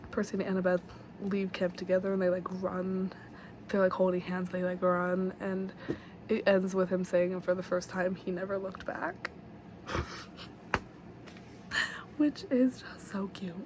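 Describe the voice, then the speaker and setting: A woman's voice: fairly low pitch, steady tone, measured pace, pauses often, darkish tone, a little hiss or hum. A young woman giving a rambling, casual book recap to camera, full of fillers and gushing asides. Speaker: book vlogger.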